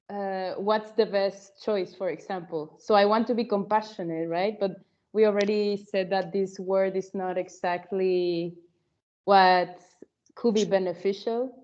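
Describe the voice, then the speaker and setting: Slow, hesitant woman asking a question. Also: mid-range voice, darkish tone, muffled recording. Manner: hesitant, thinking aloud. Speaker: group participant. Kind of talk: question in a discussion group. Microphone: video call.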